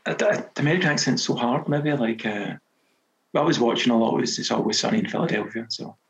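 A Scottish man, a novelist, chatting as a guest in a casual interview and telling stories in a relaxed, self-deprecating way. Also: medium pitch, fast, vocal fry, rough recording. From Scotland.

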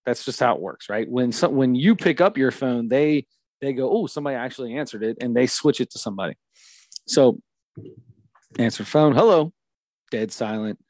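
A man in his thirties telling funny stories in casual chat, acting out the people he quotes in lively voices. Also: medium pitch, moderate pace, no echo, studio quality. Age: 30s. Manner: animated storyteller, quotes others in lively acted voices. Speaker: podcast co-host.

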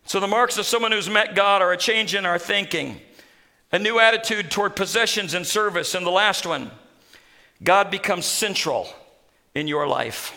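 A man delivers a sermon in a high, bright voice. He tells the scripture story with animated humor and an easy, engaging style. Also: normal speed. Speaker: pastor.

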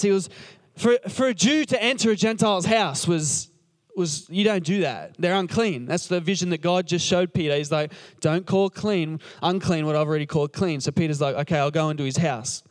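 A man's voice: high voice, moderate pace. A man preaching casually, retelling a Bible story in a chatty, joking way and acting out the characters' lines. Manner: conversational, jokey, acts out the characters' lines. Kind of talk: casual sermon retelling scripture.

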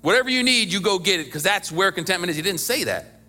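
A man's voice: high-pitched, lively intonation, fast, pushed and bright. A middle-aged man preaching a sermon as pastor, talking conversationally with emphatic bursts and small chuckles.

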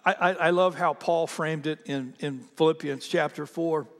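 High-voiced preacher in a big echoing church. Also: male voice, moderate pace, few pauses. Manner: animated storyteller, drops to a hush for serious points. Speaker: pastor. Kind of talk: storytelling sermon. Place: church sanctuary.

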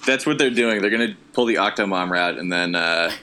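A man chatting casually in a slightly low voice with a bright edge. He hesitates often, circling through fillers and restarts, and keeps a wry tone. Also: brisk, slight background noise. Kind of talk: casual comedic chat.

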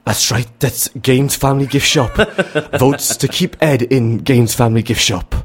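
A man's voice: medium pitch, a little slow, natural voice. A young man in his twenties doing an impression of a cheery, chummy male TV presenter in a raised voice. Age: 20s. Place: radio studio.

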